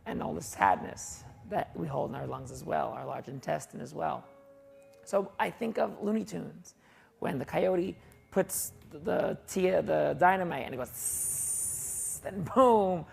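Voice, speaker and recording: A woman's voice: sits low, measured pace, creaky, a little mellow, faint music behind. A woman leading a qigong class with chatty, folksy instructions and asides, in a fitness studio. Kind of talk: guided exercise class. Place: martial arts and fitness studio.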